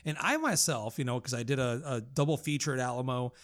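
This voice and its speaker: A man hosting a casual chat, excitable, swearing often and restarting his sentences. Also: mid-range voice, quick pace. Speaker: podcast host.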